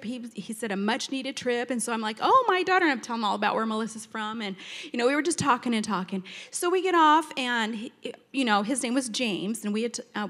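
A middle-aged woman with a bright, high voice tells her testimony before a congregation. She is chatty and animated, slipping into the voices of everyone in the story and laughing as she goes. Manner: chatty and animated, acting out both sides of conversations, laughing often. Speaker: church member giving testimony.

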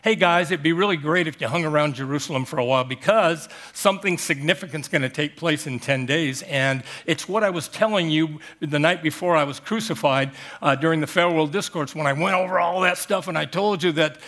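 A preacher putting on a stern, commanding teacher who gives orders with a pointed, insistent firmness. The voice sits a little high for a man and never softens into a suggestion. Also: animated, normal speed. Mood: casual.

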